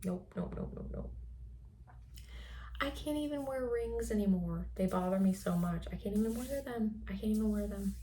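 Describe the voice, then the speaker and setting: A woman host in a reflective personal monologue, speaking softly and often slipping into a breathy whisper. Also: medium pitch, moderate pace, slight background noise. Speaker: podcast host.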